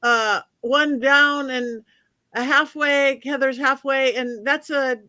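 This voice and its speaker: A woman hosting a casual live stream, briskly moving the panel along to the vote. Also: high voice, fairly even intonation, bright, forceful tone, no room sound. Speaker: host.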